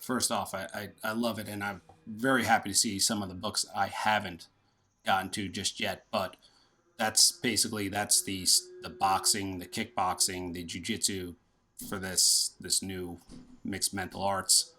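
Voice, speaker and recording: A man with a New Jersey accent, co-hosting a casual podcast in a low-key way and giving brief replies. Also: level tone, normal speed, sharp tone. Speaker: podcast co-host.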